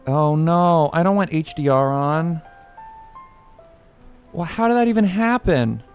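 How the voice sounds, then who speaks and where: Lively, playful gaming streamer man. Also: on the high side, measured pace, clean tone, faint music behind. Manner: playful, rambling, swears casually, talks to his cat. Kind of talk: casual let's-play chat.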